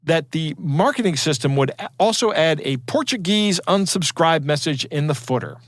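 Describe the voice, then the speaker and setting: A man's voice: on the high side, lively intonation, moderate pace, no echo. A man co-hosting a podcast, chatting casually and digressing to explain technical details. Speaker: podcast co-host. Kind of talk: casual chat.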